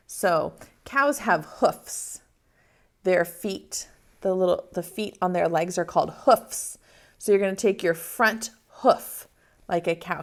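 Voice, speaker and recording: Slow sing-song preschool teacher woman. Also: medium pitch. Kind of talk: children's circle-time lesson.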